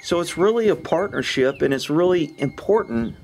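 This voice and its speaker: A man's voice: fairly high pitch, animated, moderate pace. Blunt ranting man outdoors in wind. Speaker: horse trainer, channel host. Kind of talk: casual outdoor vlog talk. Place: outdoors by a horse pasture. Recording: wind hitting the microphone. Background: wind and wind chimes.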